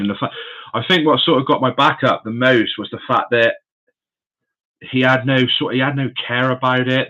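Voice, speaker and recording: Friendly man, dull lo-fi stream. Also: mid-range voice. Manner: chatty and friendly, addresses viewers as mate and buddy. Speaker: live-stream host. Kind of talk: casual live-stream chat. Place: indoors in his room of animal enclosures.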